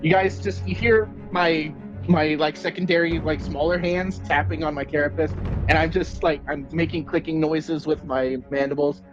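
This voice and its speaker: A man's voice: a little high, fairly even intonation, normal speed, lo-fi sound, music in the background. A man playing a tabletop game, casually describing his character's actions. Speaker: player.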